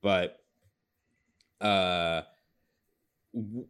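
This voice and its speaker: A man's voice: sits low, extremely slow, fairly bright tone, clean tone. A man hosting a podcast in a rambling casual chat, full of fillers and restarts. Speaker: podcast host.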